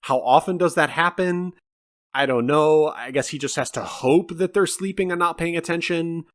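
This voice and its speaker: A man's voice: on the high side, moderate pace. Casual man picking apart a film. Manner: animated, swearing, rambling nitpicks. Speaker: podcast co-host. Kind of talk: casual film review chat.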